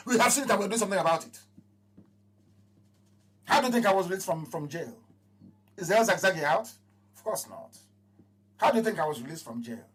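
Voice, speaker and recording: A man with a Nigerian accent gives an impassioned live address to his followers. He repeats his phrases and swings between raised proclamations and low mutters. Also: lively intonation, a little fast, long pauses, fairly bright tone. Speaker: movement leader addressing followers.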